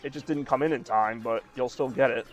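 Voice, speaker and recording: A man in his thirties with a medium-pitched voice chats briskly while streaming a game, faint music behind him. He rambles casually, using lots of fillers.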